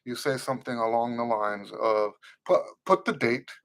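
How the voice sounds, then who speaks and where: A man with a mid-range, fairly bright voice gives trumpet instruction at a moderate pace on an unscripted live stream Q&A. He reads comments aloud and says hello to viewers as they chime in, earnestly repeating key phrases for emphasis.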